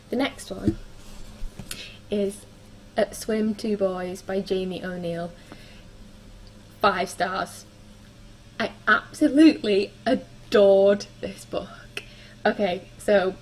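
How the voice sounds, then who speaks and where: A woman's voice: medium pitch, a little hiss or hum, rough recording. A young woman chatting casually through her book reviews, with frequent ums and likes. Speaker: book vlogger.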